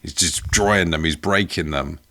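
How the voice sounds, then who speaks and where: A man's voice: extremely low pitch, measured pace, bright, forceful tone, dry recording. A man co-hosting a podcast, joining in comedic banter with dry, whimsical wordplay. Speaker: podcast co-host.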